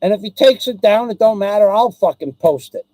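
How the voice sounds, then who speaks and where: Guy on a live stream going off, pretty high voice but dark tone, swears nonstop, dry close sound. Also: fairly quick, dry recording, poor audio. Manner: angry, rambling, swears constantly, repeats himself. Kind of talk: profane ranting live stream.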